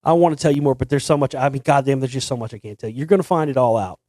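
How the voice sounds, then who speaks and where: A man's voice: mid-range voice, very fast, dark tone, no room sound. A man hosting a casual solo talk show, rambling with many restarts and repeated words. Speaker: host. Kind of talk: casual monologue.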